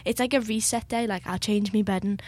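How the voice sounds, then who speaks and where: A young woman talks quickly and chattily on a community radio show. Her voice is mid-pitched and dry, with no room echo. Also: fairly even intonation, darkish tone. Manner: chatty, rapid, upbeat. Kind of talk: casual radio chat.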